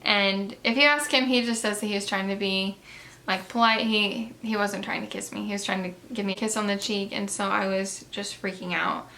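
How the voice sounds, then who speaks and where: Young woman beauty vlogger, bright tone, chatty storytelling with lots of "like" and "um.". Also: mid-range voice, normal speed, creaky, a little hiss or hum. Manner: chatty, many fillers, animated retellings. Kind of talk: casual storytelling while doing makeup.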